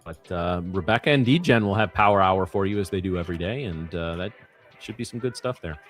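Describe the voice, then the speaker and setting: A man's voice: deep voice, fairly quick, a bit bright, soft background music. Een man van middelbare leeftijd die als streamhost losjes vertelt, met grappende, wat rommelige anekdotes. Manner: rambling, joking anecdotes with restarts. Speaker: stream host and trader. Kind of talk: casual chat on a live stream.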